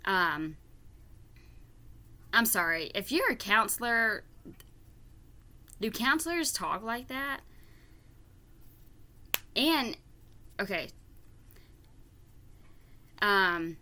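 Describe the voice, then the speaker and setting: A woman's voice: mid-range voice, slow pace, pauses often, sharp tone. A woman doing reaction commentary, ranting in exasperation, swearing and stumbling over repeated words. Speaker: reaction vlogger. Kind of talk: reaction commentary reading viewer comments aloud.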